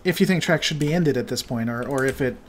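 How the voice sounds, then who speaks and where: A man's voice: medium pitch, quick pace. A man hosting a livestream, chatting casually while he plays a game and reads out viewer comments with a joking manner. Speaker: livestream host. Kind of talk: casual chat while gaming.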